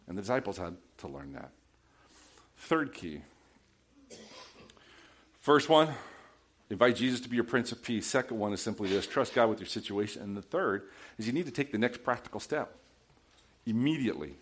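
A male pastor preaching a sermon in a church, asking the congregation questions and swinging from quiet prayerful passages to loud shouts. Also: medium pitch, big pitch swings, normal speed, long pauses. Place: church sanctuary.

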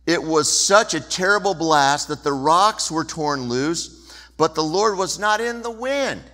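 Bright-voiced man preaching a sermon. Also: on the high side, measured pace. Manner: animated storytelling, shifting from loud to hushed. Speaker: pastor.

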